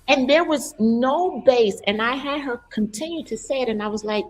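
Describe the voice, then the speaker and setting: A woman's voice: a little high, lively intonation, normal speed, hardly any pauses, a little hiss or hum, low-quality recording. A woman hosting an interview as a coach over a video call. She speaks in an affirming way and keeps murmuring agreement. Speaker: host and coach. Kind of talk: casual interview chat.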